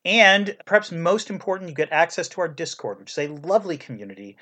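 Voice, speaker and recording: A man's voice: on the high side, sing-song, fast, pushed and bright. A middle-aged man co-hosting a podcast in casual chat, tossing in wry jokey asides. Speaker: podcast co-host.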